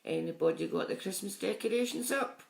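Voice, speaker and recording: A middle-aged woman, chatting on a live stream and warmly greeting viewers by name. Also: mid-range voice, brisk, vocal fry. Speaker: psychic medium streaming live. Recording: echoey room sound.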